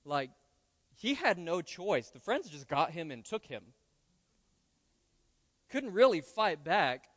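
A male pastor giving a lively, conversational sermon with playful asides, recorded in a church. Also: fairly high pitch, slow, long pauses. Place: church sanctuary. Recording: long church hall reverb.

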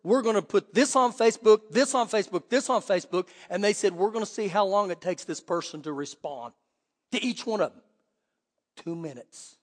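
A man preaching a sermon as pastor, telling lively stories and acting out quoted voices. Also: high-pitched, moderate pace, big-room sound. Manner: animated storytelling with quoted voices. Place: church sanctuary.

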